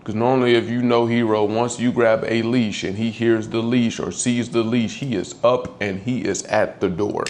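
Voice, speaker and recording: A man telling the story of losing his old dog, candid and halting, often close to tears as his voice drops. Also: steady tone, darkish tone. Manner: candid, halting, swears, voice drops low when upset. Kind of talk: emotional personal storytelling.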